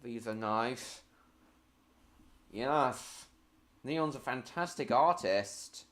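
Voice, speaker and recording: A man's voice: medium pitch, extremely slow, fairly bright tone. A man hosting a casual live stream, rambling and distracted as he talks.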